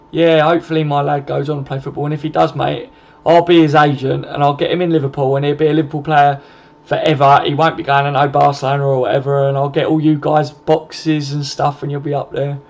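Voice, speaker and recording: This man hosts a relaxed live stream, reading viewer comments with matey chatter, free swearing, and plenty of "mate." His voice is fairly high, with vocal fry and a darkish tone. The recording is slightly muffled, with faint background noise.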